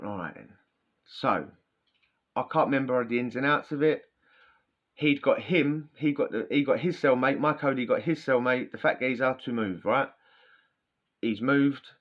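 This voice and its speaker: Guy rambling prison yarns, lots of slang, kinda low voice, muffled lo-fi audio. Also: moderate pace. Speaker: podcast host. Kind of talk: casual storytelling. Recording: dull lo-fi sound.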